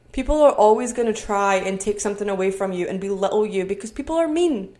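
A woman's voice: medium pitch, lively intonation, quick pace, few pauses, mellow. A woman in her twenties from Scotland with a Scottish accent, talking alone on her podcast at home in an earnest, motivational way. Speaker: podcast host. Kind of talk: solo podcast monologue.

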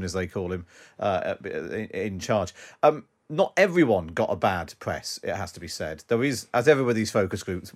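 A male news presenter talks politics with a guest in a relaxed, conversational way. His voice is low and he sometimes restarts a phrase mid-thought.

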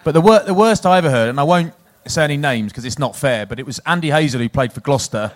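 A man co-hosting a loose, jokey conversation about team pranks. His voice sits a little above the usual pitch for a man, and he tells the stories with relish. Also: fast. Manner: lively storyteller, jokey. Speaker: podcast co-host, former rugby player. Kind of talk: casual chat.

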